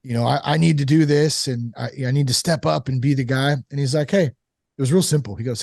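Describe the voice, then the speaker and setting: A man casually telling a candid personal story about fatherhood and recovery, animated, full of "like" and "you know". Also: on the high side, fairly quick, no echo, studio quality. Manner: candid, animated, acts out quoted voices; frequent fillers like "like" and "you know". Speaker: sober father on a recovery podcast.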